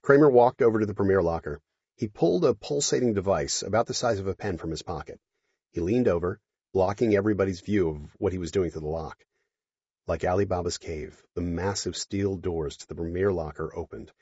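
Husky male audiobook narrator. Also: deep voice, fairly quick, dry recording. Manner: expressive, storytelling. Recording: dry, dull lo-fi audio.

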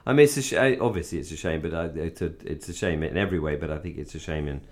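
A man's voice: rumbling low, rapid-fire, a little mellow. A man co-hosting a casual fan podcast, rambling with many restarts and asides. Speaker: podcast co-host.

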